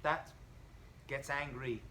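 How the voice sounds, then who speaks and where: A man's voice: mid-range voice, slow, a crowd in the background, low-quality recording. A man, a rabbi, giving an informal college class, telling stories animatedly and joking with students. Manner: animated storyteller, acts out dialogue, jokes with students.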